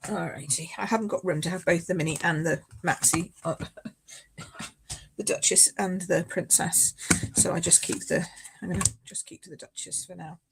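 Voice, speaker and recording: A woman's voice: lowish voice, fairly even intonation, normal speed, gravelly, background noise. A woman demonstrating card making in a live craft tutorial. She chats casually, often apologises and laughs along the way.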